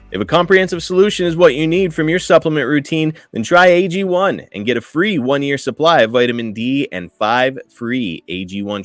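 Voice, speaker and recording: A man's voice: medium pitch, dry recording. A man in his thirties co-hosting a podcast, chatting casually and enthusiastically. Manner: casual, enthusiastic, uses "dude" and "guys". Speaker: podcast co-host. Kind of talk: podcast ad read and interview.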